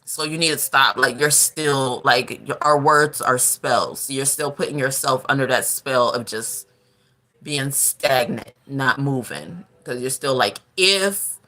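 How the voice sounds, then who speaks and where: A woman's voice: rumbling low, measured pace, pushed and bright. A woman tarot reader giving casual spiritual advice in a frank, blunt and loosely rambling way.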